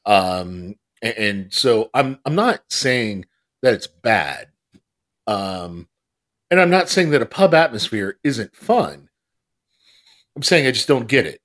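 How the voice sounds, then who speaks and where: A man's voice: medium pitch, expressive, takes it slowly, a bit bright. Sarcastic guy cohosting a podcast, grumbly and jokey, voice bounces up and down a lot. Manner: sardonic, complaining, playfully exaggerated. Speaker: podcast co-host. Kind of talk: casual chat.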